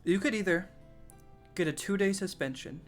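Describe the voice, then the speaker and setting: A young man voicing a stoned male vice principal who talks slowly and keeps repeating himself in an oddly friendly way. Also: high voice, soft background music, pitched above the performer's own voice, natural voice. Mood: mellow.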